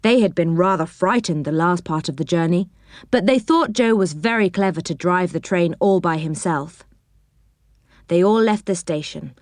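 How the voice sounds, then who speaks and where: A woman reading a children's storybook aloud with expressive, animated narration. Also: fairly low pitch, normal speed, no echo, studio quality.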